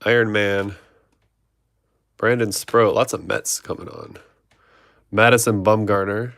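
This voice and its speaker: A man's voice: lowish voice, vocal fry, fairly bright tone, dry recording. A man hosting a trading card break, reading off player names and chatting with viewers. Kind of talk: live card-opening stream chat.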